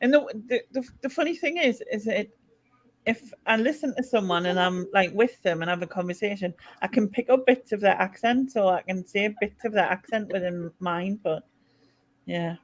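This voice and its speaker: A woman's voice: mid-range voice, normal speed, rough recording. A woman hosting a casual livestream chat, giggly and self-mocking. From England. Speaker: host.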